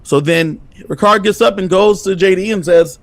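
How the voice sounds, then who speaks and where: A man's voice: high-pitched, moderate pace, no room sound. A man co-hosting a fan podcast who teases his co-host and argues his point in a matter-of-fact way. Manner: teasing, matter-of-fact arguing. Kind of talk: casual chat.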